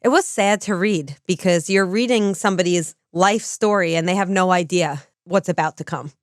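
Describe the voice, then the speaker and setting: A woman hosts a podcast in a smooth, resonant voice pitched a little low. She talks in an organized, explanatory manner. The sound is dry and close, with no room echo. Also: normal speed. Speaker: podcast co-host and lecturer. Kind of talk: casual podcast chat.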